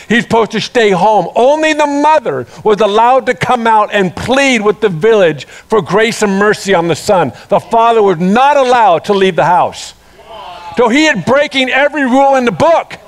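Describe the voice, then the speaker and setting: A man preaching a sermon, retelling a parable with animated storytelling and acted-out voices. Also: sits high, moderate pace.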